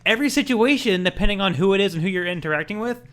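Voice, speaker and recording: Bright, animated male podcast co-host. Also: high-pitched. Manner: animated, acts out game dialogue in quick voices. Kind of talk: casual chat.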